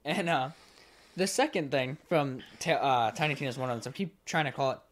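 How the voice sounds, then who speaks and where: A man co-hosting a podcast in casual chat, animated and profane, retelling stories with bursts of laughter. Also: medium pitch, a little fast. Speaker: podcast co-host.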